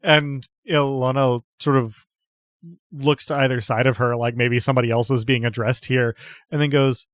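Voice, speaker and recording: A man's voice: medium pitch, steady tone, normal speed, dry recording, clean studio sound. A man narrating as game master, loosely, with many fillers.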